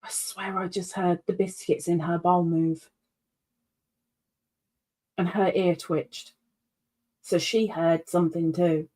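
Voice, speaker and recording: A woman's voice: fairly low pitch, flat delivery, takes it slowly, pauses often, warm tone. A woman hosting a live stream at home, chatting casually and rambling with frequent ums. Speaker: livestream host. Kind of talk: casual chat with live viewers.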